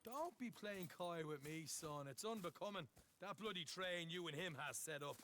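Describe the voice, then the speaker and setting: An actor playing a brash, mouthy young outlaw in a game cutscene, taunting and boastful. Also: male voice, high-pitched, lively intonation, normal speed, bright, forceful tone, slight background noise.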